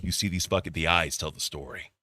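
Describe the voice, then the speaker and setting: Deep-voiced sarcastic male streamer. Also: fairly even intonation, fast, pushed and bright, no room sound. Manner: sarcastic, profane, mocking; addresses chat as bro. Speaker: streamer reacting to clips. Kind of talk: reaction commentary.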